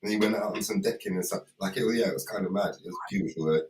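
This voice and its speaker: A man's voice: on the low side, racing, roomy sound, distant mic, low-quality recording. A man chatting casually and telling stories on a livestream, laughing often. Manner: laughing, storytelling, loose and chatty. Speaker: performer co-hosting a livestream. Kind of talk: casual chat.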